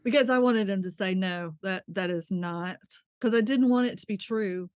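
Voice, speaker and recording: A woman's voice: mid-range voice, moderate pace, no echo, clean studio sound. A woman, a guest in an interview, telling a personal story candidly, laughing often and restarting her sentences.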